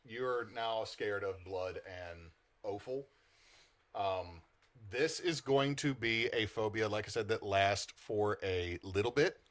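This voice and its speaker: A man runs a tabletop horror game as its game master, his voice sitting on the low side. He describes eerie scenes and explains the rules casually, with plenty of fillers. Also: slow pace, a bit bright.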